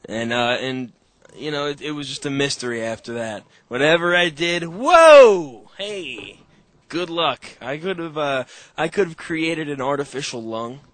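A man's voice: mid-range voice, normal speed, pushed and bright, no echo. A man in a casual chat with friends, joking, swearing freely and laughing often.

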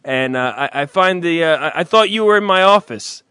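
A male comedy radio host who teases and swears his way through the banter. His voice is high and very animated, with a bright, sharp edge and a close, dry sound. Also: clear, resonant tone, no echo. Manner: teasing, profane, quick to laugh.

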